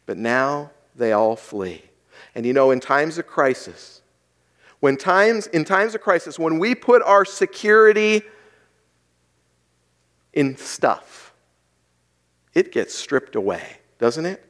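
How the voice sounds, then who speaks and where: A pastor delivering a sermon in a conversational way, asking the congregation rhetorical questions. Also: male voice, fairly high pitch, animated, takes it slowly, pauses often, a bit bright.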